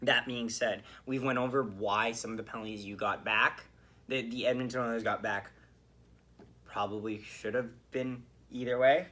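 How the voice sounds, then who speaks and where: Male podcast host, bright and edgy tone, animated fan reaction with frequent cursing. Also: mid-range voice, moderate pace. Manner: animated, swearing, ranting. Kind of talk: solo hockey game reaction.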